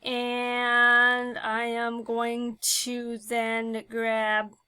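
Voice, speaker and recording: Woman teacher, unhurried, patient phonics walkthrough, lots of ums, clear bright tone. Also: a little high, no room sound. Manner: slow and patient, thinking aloud with many fillers. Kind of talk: classroom phonics lesson.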